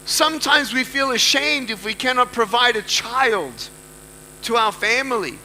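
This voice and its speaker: A man's voice: extremely high pitch, lively intonation, unhurried, pushed and bright, slight background noise, rough recording. A man with an Australian accent giving an emphatic motivational speech to a live audience, repeating lines for effect. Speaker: motivational speaker.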